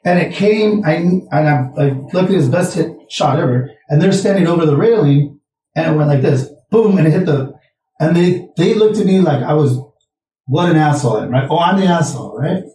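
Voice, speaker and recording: A young man co-hosts a casual podcast, rambling through stories at a rapid clip and swearing freely. His voice sits a touch high but sounds mellow and dark. He is heard from a little off the mic in an echoey room. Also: animated, far from the mic. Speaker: podcast co-host. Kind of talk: casual chat.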